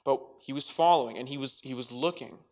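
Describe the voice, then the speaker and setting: A man's voice: mid-range voice, fast talker. A man giving a youth sermon in a playful way, acting out scenes and joking between scripture readings. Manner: playful, acts out dialogue with jokes. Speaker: youth speaker.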